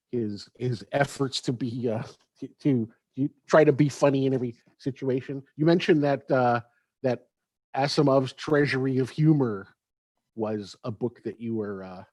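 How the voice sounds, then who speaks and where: A man's voice: mid-range voice, darkish tone, no echo. A man moderates a panel from a dry, close-sounding spot on a video call. He halts often and stretches out his uhs, and he drops in joking asides. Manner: halting, drawn-out fillers, joking asides. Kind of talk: convention panel discussion.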